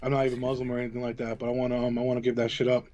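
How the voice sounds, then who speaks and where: A man's voice: mid-range voice, monotone, racing, mellow. A man co-hosting a casual podcast, swearing freely as he rambles through old stories. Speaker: podcast co-host. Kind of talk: casual chat. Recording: dull lo-fi sound.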